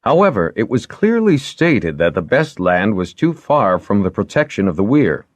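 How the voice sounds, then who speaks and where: A man reading aloud and voicing a placid, dryly wry older lord who speaks in a calm, measured way. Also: on the low side, dry recording, pitched above the performer's own voice.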